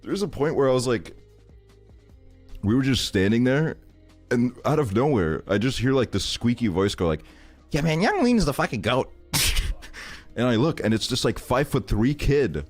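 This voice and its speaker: A man's voice: mid-range voice, lively intonation, normal speed, darkish tone, soft background music. A man in his twenties telling a rambling story on a live stream, laughing often and swearing a lot. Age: 20s. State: tired. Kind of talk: casual stream chat, storytelling.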